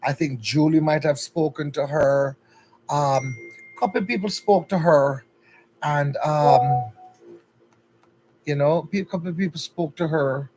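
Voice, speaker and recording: A man's voice: a little high, unhurried, long pauses, a little mellow, a little hiss or hum, rough recording. Chatty Jamaican man hosting a livestream. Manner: greets viewers by name, chatty and upbeat. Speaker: livestream host. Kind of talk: casual livestream chat.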